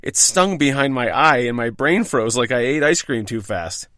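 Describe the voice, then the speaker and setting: A man's voice: mid-range voice, animated, normal speed, sharp tone, no echo, studio quality. A man reading out his own bar stories, wry, profane and self-deprecating. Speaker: podcast host telling his own bartending stories. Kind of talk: scripted first-person storytelling.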